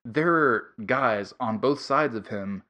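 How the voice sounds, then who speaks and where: A man's voice: medium pitch, slow pace, pushed and bright. A man co-hosting a casual film podcast, blunt and opinionated, swearing freely. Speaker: podcast co-host reviewing a film. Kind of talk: casual chat.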